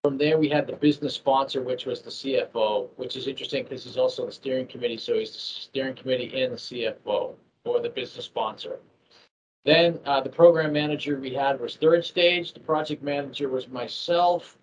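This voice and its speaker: Here an ERP project manager for a manufacturer, a Massachusetts man from near Boston, talks briskly at a medium pitch. His casual business interview wanders, packed with fillers and false starts, captured on dull lo-fi audio carrying faint noise.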